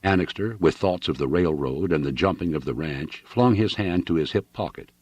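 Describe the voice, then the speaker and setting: Deep husky male storyteller. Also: moderate pace, darkish tone, dry recording. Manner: dramatic, varied storytelling. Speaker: audiobook reader. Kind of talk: novel narration.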